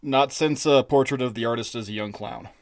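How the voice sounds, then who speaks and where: A man with a voice in the middle of the usual range co-hosts a casual podcast, telling an animated story at a chatty clip. His voice is recorded dry and close, with no room sound. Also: mid-range voice, brisk, no echo. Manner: animated storyteller, acts out quotes. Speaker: podcast co-host.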